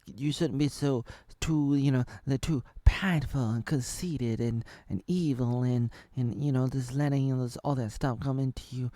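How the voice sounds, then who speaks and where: A man's voice: medium pitch, warm tone, no echo. A man in his thirties from Oregon, rambling through a jokey episode review, full of fillers and silly asides. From Oregon, United States. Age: 30s. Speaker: video reviewer.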